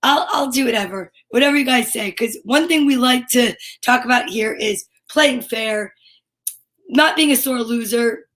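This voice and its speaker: A middle-aged woman hosts a children's story time live stream, bubbly and animated as she greets viewers and reads out names and comments. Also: on the high side, moderate pace.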